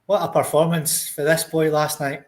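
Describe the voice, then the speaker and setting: A man's voice: on the high side, level tone. A man with a Scottish accent, co-hosting a podcast who introduces topics and moves the casual football chat along. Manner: brisk, steers the topics. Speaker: podcast co-host.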